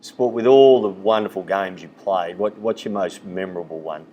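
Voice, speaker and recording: A man's voice: low voice, normal speed, dark tone, poor audio. A man hosting a casual club interview, encouraging his guest with short agreements and open questions. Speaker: interviewer, club podcast host.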